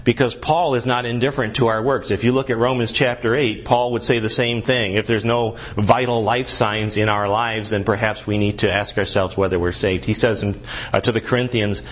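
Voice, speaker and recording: As a guest pastor, a man preaches with fairly even intonation, a brisk pace, and a fairly bright tone. He earnestly asks the congregation questions and builds to emphatic points, rising in pitch and intensity when he presses one.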